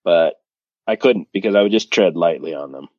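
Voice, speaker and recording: Low-voiced sarcastic man on dull audio. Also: fairly quick, darkish tone. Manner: dry, sarcastic jokes. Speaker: podcast host. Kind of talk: casual comedic chat. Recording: dull lo-fi sound.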